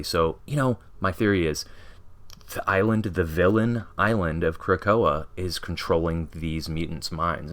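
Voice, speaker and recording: A man's voice: low-pitched, fairly bright tone. A man reviewing comic books in a casual vlog, rambling with lots of "you know" fillers and frequent chuckles. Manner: chuckles often while talking.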